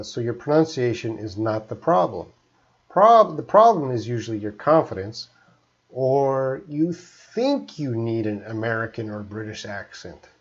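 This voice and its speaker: A man from Canada teaching English on a live stream, speaking slowly and deliberately and often checking that listeners follow. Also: medium pitch, slightly rough, muffled recording. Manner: slow, deliberate teacher talk with frequent check-ins.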